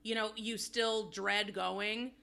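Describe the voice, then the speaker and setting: A woman's voice: mid-range voice, flat delivery, takes it slowly, vocal fry, bright, forceful tone, clean tone. A woman co-hosting a podcast, chatting candidly and rambling in a self-deprecating way. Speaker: podcast co-host. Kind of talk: casual chat.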